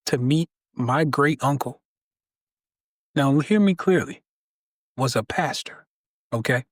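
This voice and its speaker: A man's voice: medium pitch, animated, takes it slowly, pauses often, no echo, studio quality. A man guest on a podcast, telling a story in an emphatic, preacher-like way that draws out key words.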